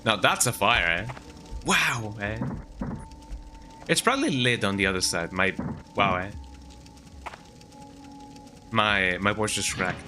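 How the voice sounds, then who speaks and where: A man giving rambling, chatty gameplay commentary at home, often tagging his sentences with "eh?". His voice is bright and forceful, with a low but lively pitch that swings around a lot. Faint game music plays in the background. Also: a little slow, long pauses. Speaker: streamer. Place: home, at a computer.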